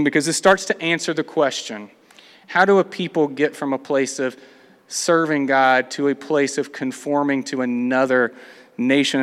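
A man's voice: on the high side, a bit bright, clear, resonant tone. A man preaching a sermon, reading scripture aloud and acting out the complaints of the people in between. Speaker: pastor. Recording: long hall reverb.

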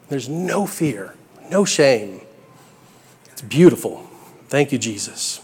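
Earnest young preacher in echoing hall. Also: male voice, medium pitch, big pitch swings, slow, long pauses, a little mellow, husky. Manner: earnest, conversational, builds to bursts of emphasis. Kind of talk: sermon. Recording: echoey hall with long reverb.

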